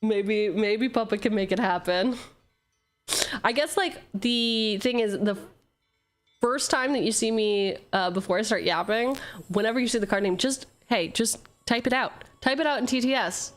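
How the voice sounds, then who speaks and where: With soft music in the background, a woman whose voice is on the high side talks at normal speed while opening card packs on stream. She reads the card text out loud, pokes fun at herself, curses freely and bounces playfully between gags and reading.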